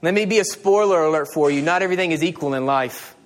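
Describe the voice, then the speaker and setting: A middle-aged man preaching a sermon as a pastor, animated and telling stories with quoted dialogue. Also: a little high, fast talker.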